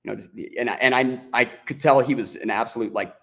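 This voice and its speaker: A man speaks quickly in a gravelly, creaky voice as a podcast guest, and his pitch sits in a middling range. He tells a story casually and with animation, acting out what people said and often stopping to restart his sentences. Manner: animated, acts out quoted dialogue in his story; frequent restarts and "like" fillers.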